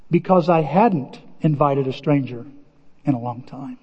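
A middle-aged man preaching a sermon as pastor, telling stories with animated bursts of excitement and shouting. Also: mid-range voice, a little slow, slightly rough. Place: church sanctuary. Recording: dull lo-fi audio with long church reverb.

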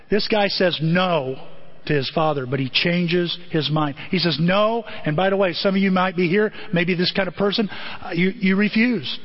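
A man's voice: high voice, lo-fi sound. A man preaching a sermon to a congregation, emphatic and repeating his points for stress. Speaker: pastor. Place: church auditorium.

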